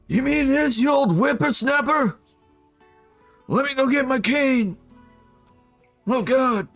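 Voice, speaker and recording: A man putting on the voice of a crotchety old man with a cane, pitched high. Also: slow pace, creaky, a bit bright, faint music behind, heavily acted.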